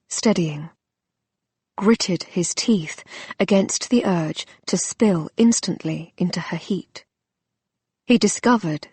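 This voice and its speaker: A woman narrates a romance audiobook in a soft, intimate and unhurried way. Her voice is husky and a little low. The sound is close and dry, with no room echo.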